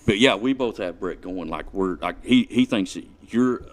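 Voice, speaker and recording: A man's voice: fairly low pitch, animated, moderate pace. A man in his forties, a podcast guest, retelling a prank story in a laid-back, dry way. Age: 40s. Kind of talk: casual storytelling chat.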